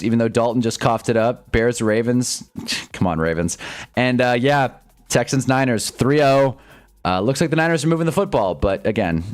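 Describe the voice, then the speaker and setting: A man streaming live sports commentary who swings between loud yelps and low mutters and chats with his viewers' comments. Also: smooth. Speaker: streamer hosting a live game watch-along.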